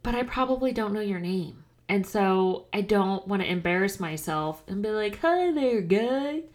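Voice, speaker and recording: A woman's voice: medium pitch, normal speed. A woman in casual chat, rambling a bit and self-conscious.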